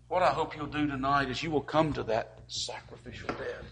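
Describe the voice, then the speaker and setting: Guy preaching in church, gets loud and fiery then drops real quiet and pleading. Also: mid-range voice, fairly even intonation, moderate pace, few pauses, a little hiss or hum. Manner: impassioned, rising to forceful peaks and dropping to quiet pleas. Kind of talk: sermon.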